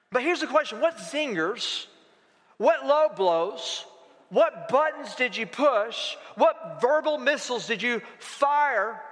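Male pastor, 40s, bright ringing tone, casual preaching style, long reverb of a large church. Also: extremely high pitch. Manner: conversational preaching with rhetorical questions. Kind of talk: sermon. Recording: reverberant hall.

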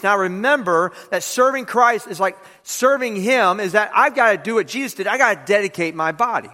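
A man's voice: high voice, lively intonation, brisk, few pauses, pushed and bright, long reverb tail. A man preaching a sermon to his congregation, who leads them in repeating key lines aloud. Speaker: pastor. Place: church sanctuary.

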